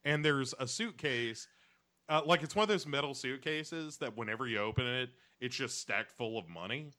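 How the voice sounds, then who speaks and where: A man's voice: medium pitch, animated, moderate pace, pushed and bright. A man co-hosting a podcast, recapping a show in a rambling, jokey way with silly voices. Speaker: podcast co-host. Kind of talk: casual comedic recap chat.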